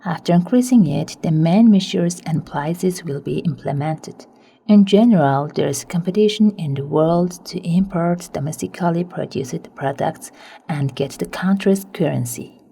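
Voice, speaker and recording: A woman reading an official's translated statement as a news voice-over, in a plain, steady way. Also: fairly low pitch, moderate pace, creaky, slightly rough.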